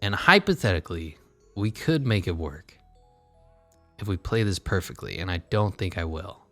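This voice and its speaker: A man's voice: low-pitched, animated, normal speed, pushed and bright, faint music behind. A man commentating his basketball video game in a casual, sarcastic way, swearing and muttering asides. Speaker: gaming channel host.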